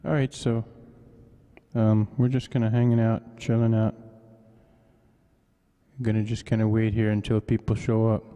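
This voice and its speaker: Low, rambling jokey man live streaming. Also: monotone, unhurried, long pauses, mellow, clean tone, long reverb tail. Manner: rambling, jokey, tacks on a mock-Canadian "eh". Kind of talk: casual live stream chat. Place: home studio.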